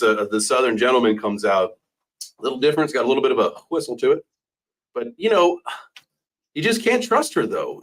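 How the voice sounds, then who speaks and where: A man's voice: medium pitch, a bit bright, rough recording. A man hosting a casual debate stream, joking and teasing his guest. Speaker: host.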